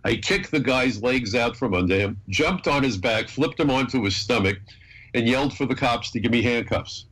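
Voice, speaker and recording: An older American man, a former federal agent, telling an animated story as a guest on a radio talk show. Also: mid-range voice, normal speed, low-quality recording. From United States.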